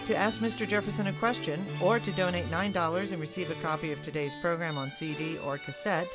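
Mid-pitched radio announcer reading credits over a clear fiddle bed, measured and deliberate. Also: fairly even intonation. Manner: measured, spelling out details slowly. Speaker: program announcer. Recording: voice over music. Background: fiddle music.

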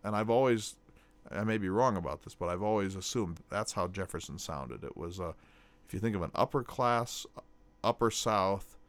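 A man's voice: low-pitched, moderate pace. A man from North Dakota with a plain Midwestern accent, hosting a radio talk show and speaking with a slight hesitant catch in his voice. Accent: General American Midwestern.

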